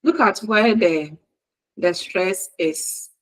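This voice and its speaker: A woman lecturer with a Ghanaian English accent, giving a recorded university lesson in a slow, deliberate way and repeating her examples word by word. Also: medium pitch, poor audio.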